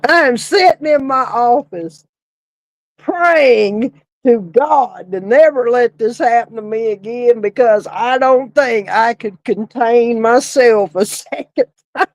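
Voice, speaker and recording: Woman, middle-aged, slow drawling storyteller, laughs constantly, casual cussing. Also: a little high, no room sound, low-quality recording. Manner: laughs often while telling a story, swears casually. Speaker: podcast co-host, former funeral director.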